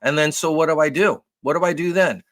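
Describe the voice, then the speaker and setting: A man's voice: a little high, brisk. A man co-hosting a podcast, telling a long story with lots of cursing and acting out both sides of phone calls. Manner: animated, profane storytelling, acts out phone calls. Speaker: podcast co-host. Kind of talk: casual storytelling chat.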